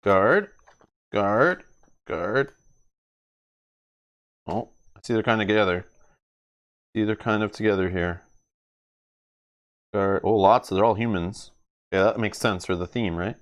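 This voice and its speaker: A man's voice: on the low side, unhurried, long pauses. A man streaming a solo card game playthrough, thinking aloud as he reads cards, laughing often. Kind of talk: casual solo playthrough commentary. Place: home gaming table.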